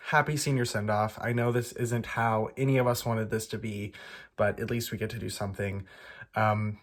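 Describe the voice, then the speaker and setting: A man's voice: fairly low pitch, level tone, normal speed. Wry joking young man. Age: young adult. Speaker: acting student. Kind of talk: recorded farewell message.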